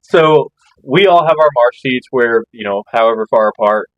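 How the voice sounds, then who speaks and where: A man's voice: mid-range voice, animated, moderate pace, no echo, muffled recording. A man co-hosting a hunting podcast, chatting in an easygoing way and laughing often. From Missouri. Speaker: podcast co-host. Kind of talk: casual chat.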